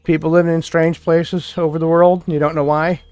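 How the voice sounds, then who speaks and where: A man's voice: a little high, level tone, a little fast, a little mellow, clean tone, no room sound. A man from New York State chatting casually on a live game stream, rambling and thinking aloud as he plays. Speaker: gaming streamer. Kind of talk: casual live-stream chat while playing.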